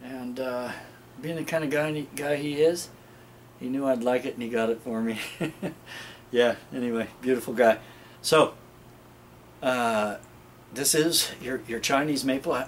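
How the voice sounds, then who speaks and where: A man's voice: medium pitch, steady tone, a little slow, pauses often, a little hiss or hum. A man hosting a casual show-and-tell garden vlog outdoors, rambling and chuckling often as he talks to viewers. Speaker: gardening video host.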